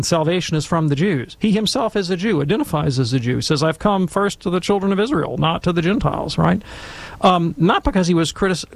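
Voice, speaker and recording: A man's voice: a little high, creaky. A middle-aged man telling a wry, self-deprecating anecdote, then giving theological commentary in a Catholic discussion.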